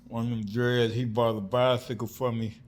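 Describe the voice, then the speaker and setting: A middle-aged man from South Florida telling family stories in an animated, slangy vlog monologue, acting out the people he quotes. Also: mid-range voice, normal speed. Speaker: vlogger. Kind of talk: casual storytelling monologue. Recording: faint background noise.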